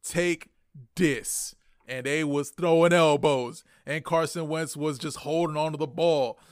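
A man co-hosting a casual podcast, telling a story animatedly and swinging between muttering and excited outbursts. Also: fairly high pitch, moderate pace, clear, resonant tone, no room sound, clean studio sound. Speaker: podcast co-host. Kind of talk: casual chat.

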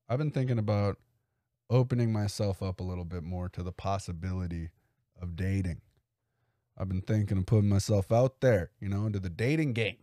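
Mellow-voiced young man telling jokey stories. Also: fairly low pitch, no room sound, clean studio sound. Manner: rambling, joking storyteller. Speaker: podcast host. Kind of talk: casual comedic monologue.

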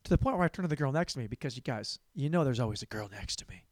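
A man's voice: medium pitch, animated, very fast, few pauses, a little mellow, no echo, studio quality. A young man hosting a comedy podcast, telling a crude, rambling story and repeating words for laughs.

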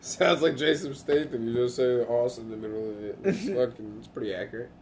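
A man's voice: medium pitch, brisk. A man co-hosting a comedy podcast, bantering crudely and laughing often, recorded with a noisy background. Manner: laughing, rowdy, swinging into mock voices. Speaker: podcast co-host.

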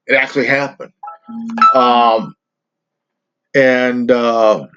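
A man's voice: mid-range voice, steady tone, extremely slow, noisy background. A man hosting his own channel, ranting profanely in a rambling, stammering way. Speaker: channel host. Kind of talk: ranting vlog. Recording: dull lo-fi recording.

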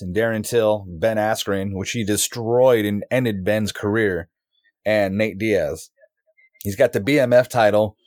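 A man with a low voice states his sports opinions bluntly and confidently, in short, plain sentences. His voice is recorded very dry and close, with no room sound around it. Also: darkish tone, no room sound. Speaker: podcast co-host. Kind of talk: casual sports chat.

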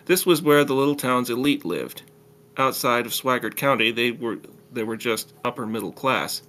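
A man reading a story aloud, plain and steady, now and then stumbling and restarting a phrase. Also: medium pitch, normal speed. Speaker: story reader.

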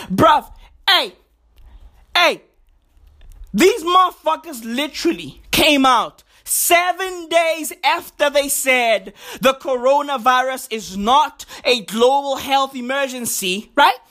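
High, slow-talking man in a profane rant. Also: lively intonation. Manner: shouting, swinging pitch wildly, heavy slang. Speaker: vlogger. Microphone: home recording setup.

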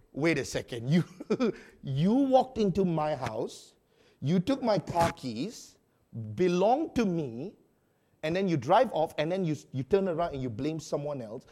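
A male pastor preaching a sermon in an animated way, acting out quotes with sudden loud outbursts. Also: fairly high pitch, measured pace.

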